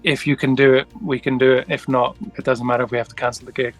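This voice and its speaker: A man's voice: mid-range voice, little pitch movement, fast talker, faint music behind. A man, a guest musician, telling a long story in a casual interview, rambling with many restarts and acting out the dialogue.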